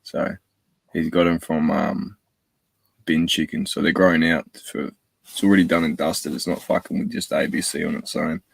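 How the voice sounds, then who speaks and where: Really deep, raspy guy, dry close sound, swearing and rambling on a stream. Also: little pitch movement, normal speed, dry recording. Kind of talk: casual live stream chat.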